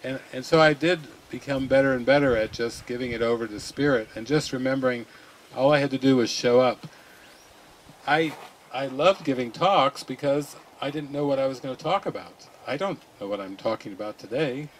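A man giving an unscripted spiritual talk, relaxed and musing, often laughing softly. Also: mid-range voice, normal speed, slight background noise, poor audio. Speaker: spiritual teacher.

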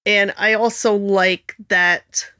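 A woman co-hosting a casual music podcast, unhurried and quick to laugh. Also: medium pitch, fairly even intonation, sharp tone, no room sound, studio quality. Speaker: podcast co-host.

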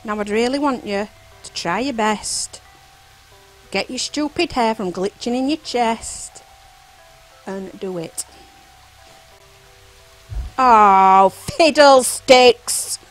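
A woman's voice: fairly high pitch, slow, pauses often, faint music behind, rough recording. A woman giving chatty, silly let's play commentary, singing and whispering to herself as she plays. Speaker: gameplay commentator.

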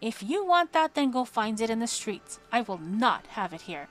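A woman's voice: fairly high pitch, sing-song, moderate pace, soft background music. A woman voicing a stern, commanding male leader who speaks firmly and with authority. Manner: firm, authoritative.

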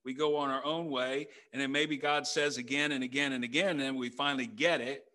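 A man's voice: mid-range voice, fairly even intonation, fairly quick, bright, forceful tone. A middle-aged man, a pastor, preaching a conversational sermon in a church, full of rhetorical questions. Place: church sanctuary.

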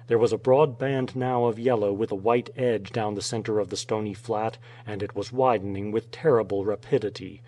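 A man reading an adventure story aloud as an audiobook narrator, in a steady storytelling manner. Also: lowish voice, normal speed, hardly any pauses, slight background noise. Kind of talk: scripted narration.

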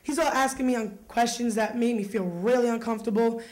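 A teenage girl with a fairly high voice delivers a comic personal monologue in a relaxed, conversational manner. She tells it wryly, like chatting with friends, on a small youth stage. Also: fairly quick, few pauses. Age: teens. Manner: conversational, wry storytelling.

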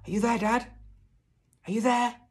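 A man voicing a young boy lost in a dark wood, shouting high and pleading for his father, with a husky edge. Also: steady tone, moderate pace. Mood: desperate shouting.

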